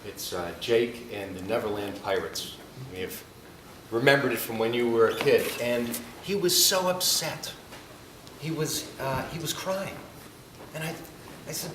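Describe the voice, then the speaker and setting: A man's voice: medium pitch, moderate pace. A man in his thirties giving a chapel talk to a class of students, speaking conversationally and often checking in with "all right?" and "okay?". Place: school chapel. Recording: echoey hall, distant mic, background noise.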